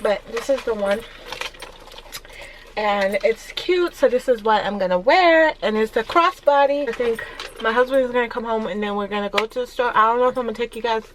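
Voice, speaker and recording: A woman's voice: on the high side, fairly bright tone, a little hiss or hum. A young woman, a mother vlogging casually to camera in a chatty, scattered way and laughing often. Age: young adult. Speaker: vlogger, mom of five.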